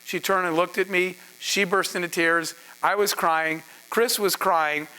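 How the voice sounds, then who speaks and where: A middle-aged man giving a masterclass on building teams, telling an animated story and acting out the voices of the people in it. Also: high-pitched, a little slow, clear, resonant tone, rough recording. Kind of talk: storytelling lecture to an audience.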